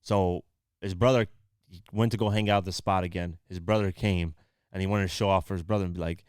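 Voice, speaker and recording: A man's voice: low voice, fairly even intonation, fairly quick, darkish tone, clear, resonant tone, no echo, clean studio sound. A man hosting a podcast, casually retelling a story and acting out the quoted lines. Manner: retells stories with quoted voices. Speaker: podcast host.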